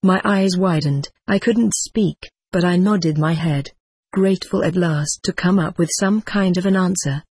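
Breathy woman narrating a memoir. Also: fairly low pitch, a little slow, a little mellow, no echo. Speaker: audiobook narrator. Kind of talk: first-person memoir narration.

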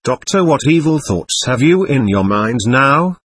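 A man's voice: mid-range voice, lively intonation, measured pace, a bit bright. A man reading a firm, lecturing doctor. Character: calm, firm male doctor questioning a spirit. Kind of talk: reading a séance transcript aloud.

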